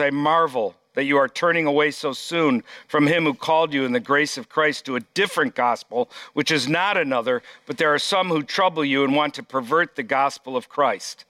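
A man's voice: fairly high pitch, bright, forceful tone, no echo. A pastor preaching a sermon, reading scripture aloud and stressing his points emphatically.

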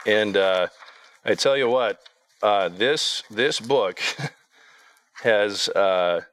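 A man preaching a sermon in an earnest, halting way, often repeating words as he restarts his sentences. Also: fairly low pitch, a bit bright, no room sound.

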